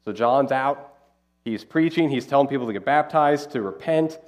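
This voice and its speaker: A man preaching a conversational, animated Bible-teaching sermon as pastor. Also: mid-range voice, normal speed.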